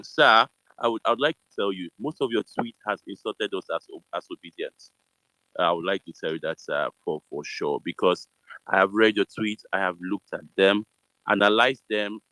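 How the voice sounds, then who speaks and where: Brief: man hosting, lowish voice, dry and close, hedges with fillers. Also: normal speed, pushed and bright, no room sound, poor audio. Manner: hedging, many fillers, polite but pointed. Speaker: host. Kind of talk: live audio chat room.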